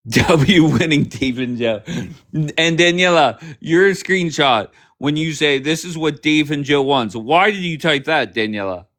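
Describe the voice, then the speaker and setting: A man's voice: fairly high pitch, fairly bright tone. Man, livestream host, confrontational, swears a lot, fires off questions. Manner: blunt, swearing, grilling guests with rapid questions.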